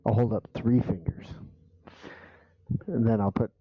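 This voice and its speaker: A man's voice: on the low side, steady tone, measured pace, dry recording. A man playing a tabletop game, joking playfully with the group over a call. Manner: playful, jokey, drops to a whisper at times. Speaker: player. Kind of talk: casual tabletop play chat. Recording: dull dry home mic.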